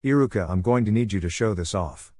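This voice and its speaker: A man's voice: lowish voice, animated, fairly quick, darkish tone, no echo, studio quality. A man voicing an eager, boastful young ninja student in a read-aloud story.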